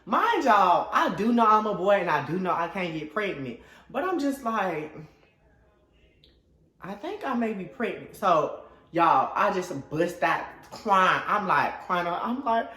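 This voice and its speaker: Yo give me a young guy telling a story, super animated, does all the voices high and dramatic, echoey room. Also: a little slow. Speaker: vlogger. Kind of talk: casual storytelling.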